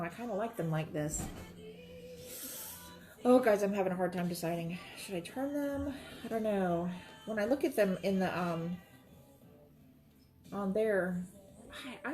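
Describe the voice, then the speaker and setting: A woman's voice: medium pitch, a little mellow. A woman, chatting and rambling to viewers while she demonstrates quilting, talking straight to her audience. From Florida. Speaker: quilting livestream host.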